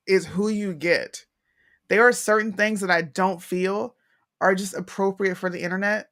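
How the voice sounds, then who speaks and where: A young woman speaking in a frank, casual podcast chat. She tells personal stories with animated asides and quick restarts. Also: lowish voice. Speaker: podcast co-host.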